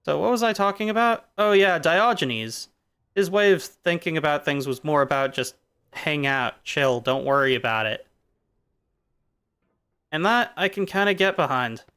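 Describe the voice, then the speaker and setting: Male streamer, loose playful musing over gameplay, a touch high-pitched, smooth clean timbre. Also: expressive, moderate pace, a bit bright. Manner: playful, musing, jumping between jokes and philosophy. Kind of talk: casual rambling chat while gaming.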